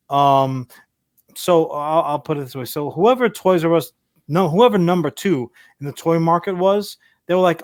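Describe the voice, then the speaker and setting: Male co-host, profane rambling storyteller, a bit high-pitched, dry recording. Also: moderate pace, no room sound. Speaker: podcast co-host. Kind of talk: casual chat.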